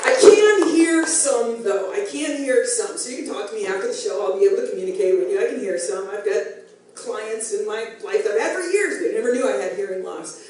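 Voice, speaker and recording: A middle-aged woman performing a self-deprecating stand-up comedy set, chatty with animated asides. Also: medium pitch, quick pace, some chatter behind, slight background noise. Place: comedy club stage, live audience. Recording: echoey room, distant, faint ambience.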